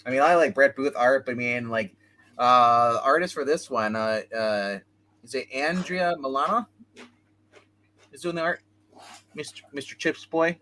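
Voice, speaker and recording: A man hosting a casual comic book chat, retelling stories in a rambling, animated way. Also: medium pitch, normal speed, pauses often. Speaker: comic book show host.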